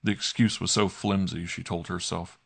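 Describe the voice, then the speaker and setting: A man reads a mystery audiobook in an even, measured manner. His very low voice carries a gravelly edge. The sound is close and completely dry. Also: no room sound. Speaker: audiobook narrator. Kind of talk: scripted narration.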